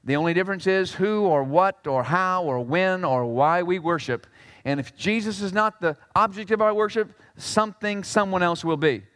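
A man preaches a sermon with a fairly high voice, jumping from loud exclamations to hushed asides. He is animated and drops jokes along the way. His voice carries the long reverb of a church hall. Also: normal speed. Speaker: pastor.

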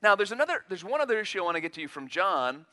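Bright, high-voiced male preacher. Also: very animated, racing. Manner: emphatic, acts out quotes in a raised voice. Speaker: pastor. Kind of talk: sermon.

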